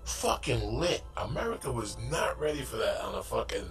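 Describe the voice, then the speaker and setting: A man hosting a podcast, telling a story in a loud, animated and profane way. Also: medium pitch, normal speed, vocal fry, soft background music. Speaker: podcast host. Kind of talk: casual storytelling chat.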